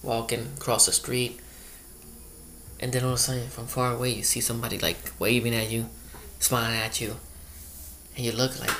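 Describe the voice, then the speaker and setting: Brief: man, mid-pitched, one-man stand-up chat, meandering delivery, faint hiss behind. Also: flat delivery, normal speed, long pauses, sharp tone. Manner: rambling, loose, full of "you know" asides. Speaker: comedian. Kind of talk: comedic monologue.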